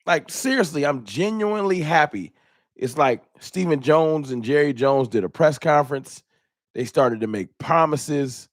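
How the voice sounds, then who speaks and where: A man's voice: fairly high pitch, animated, unhurried, no echo, studio quality. A man hosting a live fan talk stream in a casual, slangy way, greeting viewers by name.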